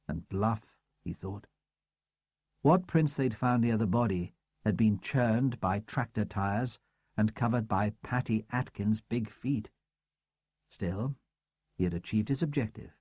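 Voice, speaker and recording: A man narrating a crime novel audiobook in a measured, expressive storytelling manner. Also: on the low side, no room sound. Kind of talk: scripted narration.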